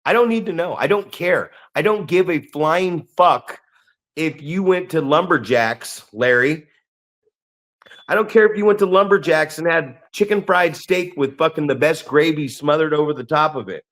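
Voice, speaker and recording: A man's voice: fairly high pitch, expressive, normal speed, a bit bright. A man co-hosting a podcast, ranting in a casual, profane, emphatic way. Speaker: podcast co-host.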